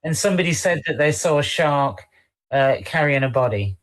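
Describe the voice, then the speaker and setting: Co-host, mid-pitched, halting and repetitive in casual chat. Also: lively intonation. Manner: halting, repeats words, lots of fillers.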